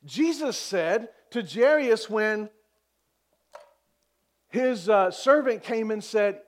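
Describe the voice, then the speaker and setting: A man delivers a sermon with a higher-than-usual voice. He preaches slowly and deliberately, repeating phrases for emphasis. When he quotes, he sinks into a soft, hushed tone. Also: animated. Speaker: pastor.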